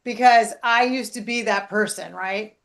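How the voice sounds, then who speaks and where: Middle-aged woman coaching a friend on a podcast, lively and chatty, keeps saying right?. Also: fairly high pitch, a little slow, vocal fry. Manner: animated, keeps adding "right?". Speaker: life coach and podcast host. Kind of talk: casual coaching chat.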